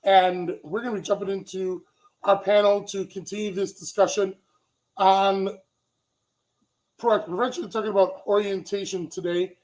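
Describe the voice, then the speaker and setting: A man with a high voice hosts a livestream panel from a video call. He sounds playful and upbeat and jokes with his guests as he welcomes them on. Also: little pitch movement, normal speed, darkish tone, low-quality recording. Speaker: host.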